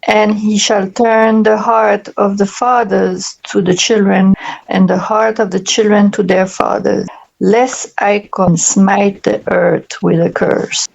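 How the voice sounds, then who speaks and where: A woman reads scripture aloud for a study group and guides the discussion, slow and measured. Her voice has a gravelly texture. The recording is dull and lo-fi. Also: medium pitch, steady tone, darkish tone.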